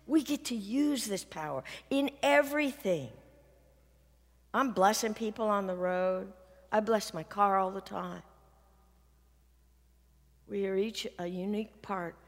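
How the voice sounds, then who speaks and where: A woman's voice: medium pitch, measured pace, pauses often. Woman preaching in an echoing hall. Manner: earnest storytelling, quotes others, drops to near-whisper at emotional points. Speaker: minister. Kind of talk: sermon. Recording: long hall reverb.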